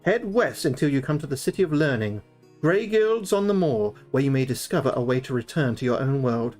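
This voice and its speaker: A man's voice: medium pitch, animated, a little fast, a little mellow, faint music behind, natural voice. A man voicing an earnest, urgent wizard in a gamebook read-aloud.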